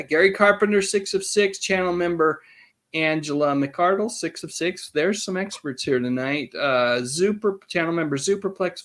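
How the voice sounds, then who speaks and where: A man hosting a live-stream trivia quiz, chatty and reading out the answer choices slowly. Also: high-pitched. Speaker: host.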